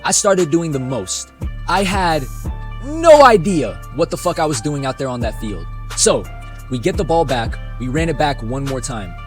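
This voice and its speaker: A man's voice: fairly high pitch, sing-song, moderate pace, soft background music. A young man narrating a casual, self-mocking storytime with plenty of swearing. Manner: laid-back, self-mocking, profane.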